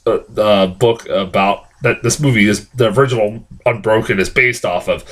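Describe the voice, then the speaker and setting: A man giving a casual, heated film review, swearing often, laughing through his rants and filling pauses with "um" and "like". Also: on the high side, fairly bright tone. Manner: profane, heated, laughing rants with frequent fillers.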